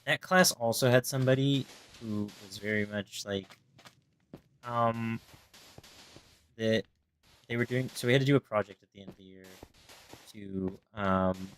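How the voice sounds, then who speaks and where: A man's voice: lowish voice, unhurried, long pauses, fairly bright tone, a little hiss or hum. A young man livestreaming a game, chatting to his viewers and rambling through stories where he acts out the people he quotes. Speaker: gaming livestreamer. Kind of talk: casual chat while gaming.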